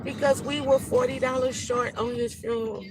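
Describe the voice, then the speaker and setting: A woman's voice: high-pitched, steady tone, normal speed. A woman live streaming while she drives, rambling, blunt and swearing heavily, upset and fighting back tears. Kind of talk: emotional live-stream monologue. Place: inside a moving car. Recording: loud road and engine noise.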